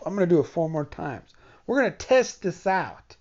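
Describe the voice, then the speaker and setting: A man's voice: high voice, sing-song, normal speed, lo-fi sound. Stuffy-nosed man rambling on his podcast. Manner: wry, self-mocking, talks to listeners directly. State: stuffy, congested nose. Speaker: podcast host. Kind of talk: rambling solo podcast monologue.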